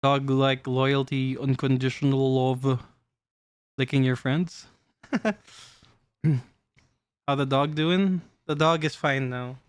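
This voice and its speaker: A man streaming live, chatting casually with his chat while showing cards, playful and quick to laugh. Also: medium pitch, flat delivery, clean tone, no room sound. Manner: playful, giggly, talks to chat. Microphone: desk mic.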